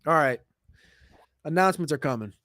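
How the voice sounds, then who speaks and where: A man hosting a casual livestream Q&A, answering viewer questions in a quick, chatty way with sudden jumps in pitch. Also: animated, pushed and bright, dry recording, clean studio sound. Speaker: fantasy football show host.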